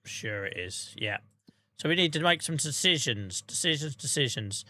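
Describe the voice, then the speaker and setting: A laid-back man with a Norfolk accent talks to his stream chat as he plays. His voice is bright and forward, at a middle pitch, and he rambles easily between the game and the viewers. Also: lively intonation, moderate pace. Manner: chatty, laid-back, talking to chat while playing. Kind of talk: casual gaming stream chat.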